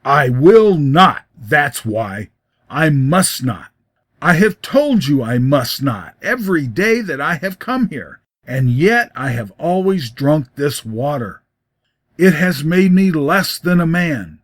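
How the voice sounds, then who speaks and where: A man's voice: a little high, sing-song, takes it slowly, no room sound, clean studio sound, pitched above the performer's own voice, full character voice. A man voicing a young man caught between temptation and a promise, pleading and crying out in a storybook reading. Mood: steady. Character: young man, torn and desperate.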